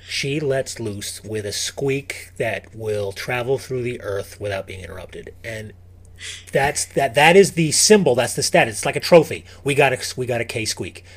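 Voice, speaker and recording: A man talking as a guest on a casual podcast, animated and emphatic, often restarting his sentences. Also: medium pitch, normal speed, breathy edge.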